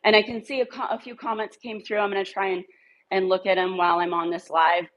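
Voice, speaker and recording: A woman's voice: mid-range voice, level tone, fast talker, muffled recording, slight background noise. A woman dog trainer giving a casual walk-through while coaching dogs on a leash, with upbeat coaxing praise. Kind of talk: casual training demo, talking to camera and dogs.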